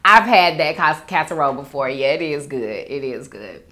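A woman's voice: low voice, moderate pace, bright, forceful tone. A young woman hosting a food vlog, chatting casually to viewers and calling them girl and y'all. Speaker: mukbang host. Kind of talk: casual chat reading viewer comments.

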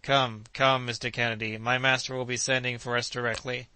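A man's voice: medium pitch, flat delivery, brisk, pushed and bright, clean tone. A man voicing a cheerful, loyal young manservant who talks eagerly in an audiobook. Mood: coaxing.

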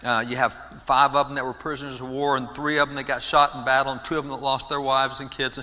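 A man giving an animated sermon-style history talk in a church, often restarting his words. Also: mid-range voice, fast talker. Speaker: guest speaker on history. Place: large church sanctuary. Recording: long church reverb.

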